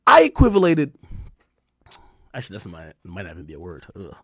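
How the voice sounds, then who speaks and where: Man, ranting commentary, bright voice, dry close sound, swooping pitch, profane and mocking. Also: wildly swooping pitch, fairly quick, creaky, husky, no room sound. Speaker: online commentator.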